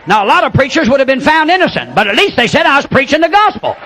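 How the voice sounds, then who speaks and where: High-pitched theatrical preacher. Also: male voice, sing-song, quick pace. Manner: folksy and theatrical, building to shouts. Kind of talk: sermon storytelling.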